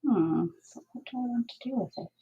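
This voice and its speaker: Gravelly-voiced woman chatting while crafting. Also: on the high side, animated, fairly quick, muffled recording. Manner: chatty, thinking aloud while working, with asides and laughs. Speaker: crafting livestream host. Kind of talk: casual crafting chat.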